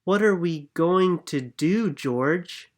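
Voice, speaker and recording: A shy little girl from a picture book, nervous and earnest, her words coming out very slowly and carefully, as a storybook reader puts her on. The voice sits a little higher than the narration. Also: lively intonation. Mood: worried. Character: anxious young girl, shy. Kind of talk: storybook reading.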